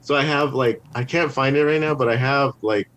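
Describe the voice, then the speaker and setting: A man chatting as a podcast guest, recounting stories in a loose, animated way. He leans on "like" and restarts his sentences often as his thoughts run ahead. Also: mid-range voice, moderate pace, slight background noise. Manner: rambling, animated, heavy use of "like". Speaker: podcast guest, scare actor. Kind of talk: casual storytelling.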